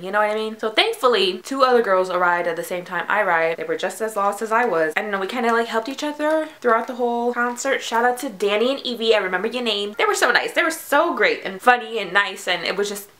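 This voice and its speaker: A young woman talks quickly through a storytime vlog, her voice bright and forward. She fills her speech with "like" and acts out what everyone said, in a loose, chatty way. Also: medium pitch. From United States. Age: young adult. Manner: chatty, full of "like" and acted-out quotes. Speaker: vlogger.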